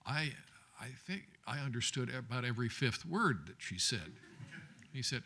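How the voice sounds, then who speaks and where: An older man, a former judge, answering on a law school panel in a dry, measured way with frequent hesitations. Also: medium pitch, animated, sharp tone, a little hiss or hum. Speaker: former judge, lecture guest. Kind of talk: panel discussion. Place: law school lecture event.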